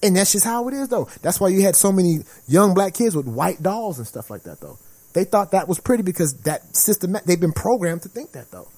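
In casual chat, this man talks briskly in a fairly high voice with wide, lively swings in pitch. His style is relaxed and slangy, yet he drives his points home and often imitates the people he quotes.

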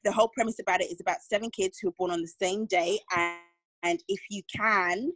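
A woman's voice: medium pitch, a little fast, a bit bright, poor audio. A young woman co-hosting a podcast, chatting casually and correcting herself as she reviews a series. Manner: chatty, rambling, self-correcting. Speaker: podcast co-host.

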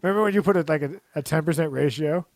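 A man's voice: a little high, rapid-fire, no room sound, clean studio sound. A man co-hosting a casual chat, rambling and joking, often breaking into laughter. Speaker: podcast co-host.

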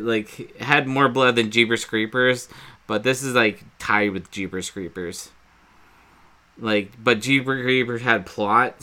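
A man's voice: fairly low pitch, bright, forceful tone. A man co-hosting a podcast, casually chatting and swearing as he rambles through a movie retelling. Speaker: podcast co-host. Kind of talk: casual chat.

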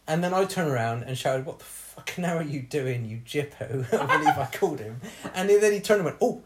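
A man's voice: fairly high pitch, expressive, normal speed. A man, hosting a podcast and telling a long personal story in casual chat, laughing often as he goes. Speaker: podcast host.

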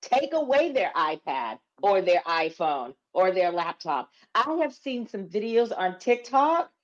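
A woman's voice: medium pitch, very animated, measured pace, dull audio. A woman co-hosting a casual chat, frank and blunt as she tells stories. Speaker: podcast co-host.

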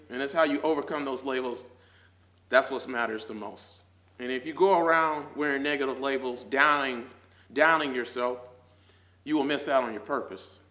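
Slangy young man teaching Bible, echoey room. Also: mid-range voice. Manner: fervent, builds to near shouting, laughs often; casual slangy talk with many "like"s. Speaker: Sunday school teacher. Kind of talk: casual Bible lesson.

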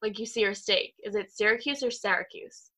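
A woman's voice: mid-range voice, fairly even intonation, normal speed, a bit bright. A woman in her twenties co-hosting a podcast over a video call, chatting casually in an upbeat way with lots of fillers. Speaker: podcast co-host. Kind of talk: casual chat.

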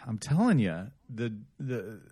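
A man co-hosting a casual podcast chat, speaking in a measured, thoughtful way. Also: fairly low pitch, big pitch swings, dark tone, slightly rough, dry recording, studio quality. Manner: measured, thoughtful, cautious about rumors. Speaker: podcast co-host.

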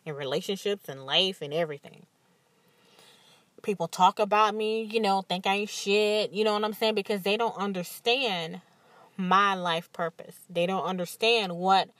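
A woman hosting a podcast, telling stories in an animated, candid way and acting out what others said. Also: on the low side, no room sound. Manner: animated storytelling with acted-out quotes and frequent laughs; emphatic and candid. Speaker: podcast host. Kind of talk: casual monologue.

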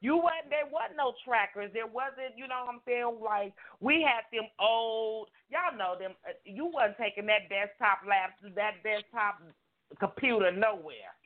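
A woman's voice: measured pace, narrow, tinny audio. A woman hosting a casual chat, telling a story and acting out the quotes in it. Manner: animated, acts out quotes with big pitch jumps. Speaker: host.

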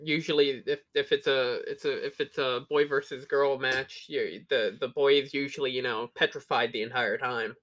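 A young man co-hosting a podcast who tells animated stories and swears a lot. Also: mid-range voice, moderate pace, hardly any pauses. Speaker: podcast co-host. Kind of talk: casual crude banter.

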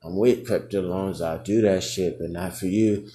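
A man's voice: deep voice, steady tone, moderate pace, warm tone, reverberant. A young man hosting his own podcast, rambling and swearing, laughing often, and saying he is drunk. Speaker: podcast host. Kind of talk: casual solo podcast rambling.

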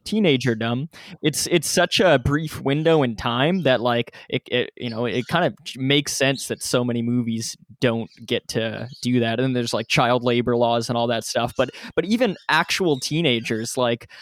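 A man's voice: mid-range voice, normal speed, hardly any pauses. A man co-hosting a casual movie review chat, searching for words as he talks. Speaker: podcast co-host.

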